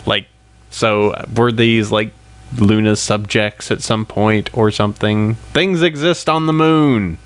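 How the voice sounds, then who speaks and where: A man's voice: on the low side, slow pace. A man hosting a podcast, chatting in a playful way and laughing often. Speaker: podcast host. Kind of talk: casual podcast chat.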